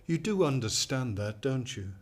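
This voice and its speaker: A man's voice: mid-range voice, normal speed. A man playing a sinister soothing AI. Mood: coaxing. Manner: calm, soothing, manipulative. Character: sinister controlling male AI companion. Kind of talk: radio drama acting.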